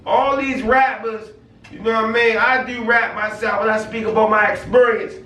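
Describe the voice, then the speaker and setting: A man with a very high, bright voice talks with motivational urgency, stopping often to ask "you know what I mean". He sounds set back from the microphone in an echoey room. A faint hiss runs underneath. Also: steady tone, moderate pace. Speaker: guest sharing life story. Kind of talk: casual conversation. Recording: roomy sound from a distant mic with faint noise.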